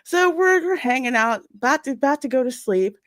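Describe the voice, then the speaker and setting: A woman's voice: high voice, fairly quick, no room sound, clean studio sound. A woman hosting a live podcast, chatting casually and telling stories with laughs. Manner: animated, laughing storyteller. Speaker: podcast host. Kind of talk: casual live-stream chat.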